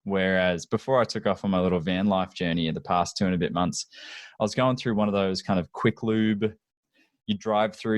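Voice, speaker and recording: A man's voice: deep voice, no room sound, studio quality. A middle-aged man hosting a podcast, chatting with enthusiasm, laughing often and telling anecdotes. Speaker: podcast host. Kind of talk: casual interview chat.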